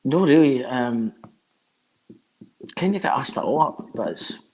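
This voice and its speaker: A man's voice: medium pitch, animated, unhurried, darkish tone, slight background noise, low-quality recording. A Scottish man in his thirties, a band frontman chatting casually as a guest, rambling and swearing with lots of filler words. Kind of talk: casual chat.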